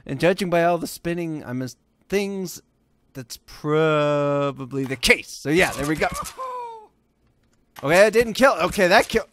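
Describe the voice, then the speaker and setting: Excitable young man yelling through gameplay. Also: high voice, moderate pace, long pauses. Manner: excitable, swears and yells at the game. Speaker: gaming video host. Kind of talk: casual gameplay commentary.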